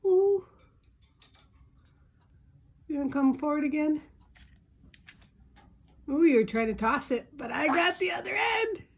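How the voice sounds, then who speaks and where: A woman's voice: high voice, slightly rough. A woman at home talking to her parrot in playful, cooing baby talk, teasing and sing-song. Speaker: pet owner filming her parrot. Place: indoors at home.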